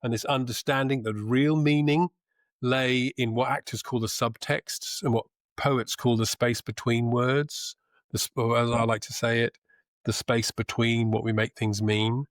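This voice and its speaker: Thoughtful man speaking slowly, dry sound. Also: mid-range voice, fairly even intonation, dry recording. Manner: thoughtful, measured, with pauses and restarts; trained actor's diction. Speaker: podcast guest. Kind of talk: reflective conversation.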